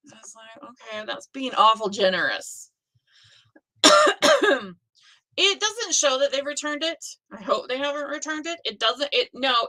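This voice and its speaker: A middle-aged woman hosts a live craft stream, chatting in a loose, rambling way and poking fun at herself. Her voice sits a little high and sounds bright and forward. She talks at an unhurried, slow pace. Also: low-quality recording. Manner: chatty, rambling, self-deprecating. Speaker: host of a live stitching stream. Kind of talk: casual live chat.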